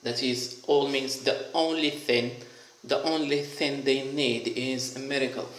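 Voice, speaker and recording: A man teaching an English grammar lesson, explaining step by step and repeating example sentences slowly and deliberately. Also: medium pitch, fairly even intonation, fairly bright tone. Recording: echoey room.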